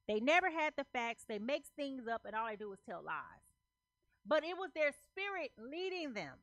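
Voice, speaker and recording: Woman tarot reader, slightly high, punchy and repetitive, casual slang, dry recording. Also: big pitch swings, normal speed, fairly bright tone, no room sound. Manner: emphatic, repeats phrases, checks in with "okay?"; loose slangy talk. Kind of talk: casual tarot reading to camera.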